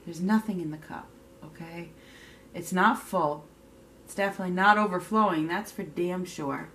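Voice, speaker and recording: A woman's voice: on the low side, normal speed, fairly bright tone, a little hiss or hum. A woman giving a casual tarot card reading, blunt and emphatic, often repeating herself and checking in with "okay?" while swearing casually. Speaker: tarot reader.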